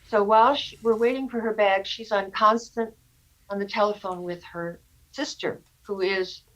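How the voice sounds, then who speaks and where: A woman slowly telling a personal story to a meditation group over a video call, earnest and halting, with pauses and fillers. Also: on the low side, a bit bright, rough recording.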